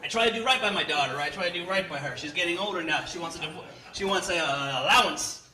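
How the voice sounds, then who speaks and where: A man in his thirties performing stand-up, animated, landing loud punchlines and tossing in Spanish words. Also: fairly high pitch, fast talker. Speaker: stand-up comedian. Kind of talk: stand-up comedy set. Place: comedy club stage with live audience. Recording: echoey club with audience noise.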